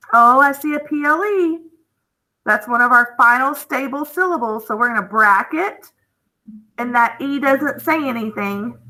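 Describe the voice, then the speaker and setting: A woman with a high, bright voice walks through a phonics lesson. She talks slowly and patiently and keeps checking in with the class. Her tone stays plain and instructive throughout. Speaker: phonics teacher.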